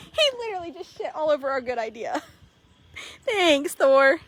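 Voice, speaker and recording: A woman horse trader telling animated, laughing stories in casual chat, swearing freely. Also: high-pitched, unhurried.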